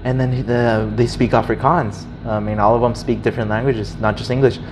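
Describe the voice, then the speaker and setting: A young man casually telling a story, animated and swearing freely, acting out the people in it. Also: medium pitch, a little fast, background noise. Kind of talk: casual chat.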